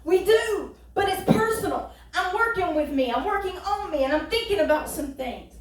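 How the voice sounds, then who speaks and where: Woman pastor, high and bright, conversational humorous preaching; roomy echoey hall sound. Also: animated, normal speed. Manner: folksy, joking, rhetorical questions. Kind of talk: conversational sermon. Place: church sanctuary. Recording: echoey church hall, distant mic.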